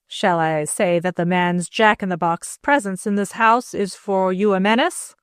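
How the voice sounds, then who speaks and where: A woman reading an audiobook, voicing a male butler who presses slowly and insinuatingly. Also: mid-range voice, smooth, dry recording, studio quality, close to an everyday voice. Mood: pressing.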